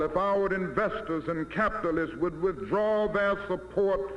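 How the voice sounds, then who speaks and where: A man's voice: high voice, unhurried. An American man giving a formal public address, with a rhetorical style that builds on repeated phrases, in an archive recording from the 1960s. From United States. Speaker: civil rights leader giving an address. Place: large hall before an audience. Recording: roomy, dull 1964 archive recording.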